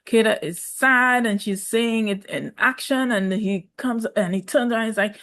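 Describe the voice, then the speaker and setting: A woman's voice: on the high side, a bit bright. A young woman giving sassy, emphatic commentary on a reality show, repeating words for effect. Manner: sassy, emphatic, drawn-out repetitions. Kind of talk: casual opinionated commentary.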